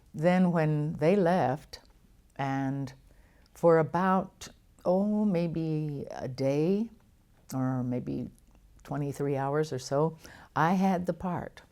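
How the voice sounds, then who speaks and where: An older actress telling lively stories in an interview, with frequent laughs and restarts. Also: female voice, deep voice. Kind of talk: storytelling interview.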